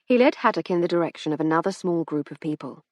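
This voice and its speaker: Husky, expressive woman narrator. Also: on the low side, fast talker, no echo. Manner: lively, expressive. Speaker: audiobook narrator. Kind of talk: first-person audiobook narration.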